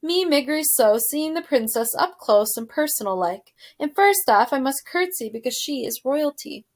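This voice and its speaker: Woman reading as a storybook servant girl, twelve, half-deaf, loud and countrified, high voice, hopeful. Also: lively intonation, normal speed. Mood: chattering to herself. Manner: shouting, countrified speech.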